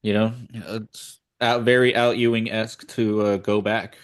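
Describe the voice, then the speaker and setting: A man with a somewhat low voice chats about comics in a relaxed, casual way. He leans on "like" as he thinks out loud. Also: unhurried, smooth. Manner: easygoing, many "like" fillers. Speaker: podcast co-host.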